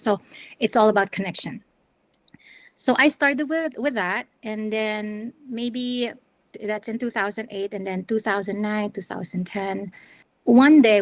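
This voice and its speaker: A middle-aged woman from the Philippines, telling her story as an interview guest in a chatty, animated way with lots of restarts. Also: mid-range voice, creaky, no echo. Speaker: interview guest, wedding planner and videographer.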